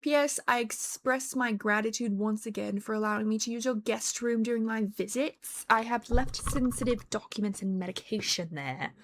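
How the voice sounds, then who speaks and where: A woman's voice: fairly high pitch, slight background noise, lightly acted. A woman voicing a formal older male doctor with a put-on British accent, reading his letter aloud. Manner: formal, courteous, measured.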